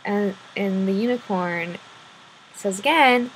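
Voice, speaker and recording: A woman vlogger telling a made-up story in a casual, playful way, rambling and filling gaps with "um." Her voice sits at a middle pitch. A faint noise runs underneath. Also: a little slow, low-quality recording.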